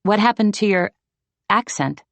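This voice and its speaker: A woman's voice: medium pitch, animated, measured pace, vocal fry, dry recording, pitched above the performer's own voice. A woman voicing a curious young woman who asks direct, plain questions.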